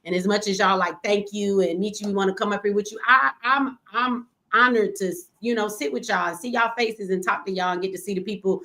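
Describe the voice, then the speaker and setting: Woman hosting a live show, aave, blunt and cussing, normal pitch. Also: fairly even intonation, fairly quick, hardly any pauses, rough recording. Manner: blunt and profane, swings loud when scolding. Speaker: host of a live call-in show. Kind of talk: casual live-stream chat.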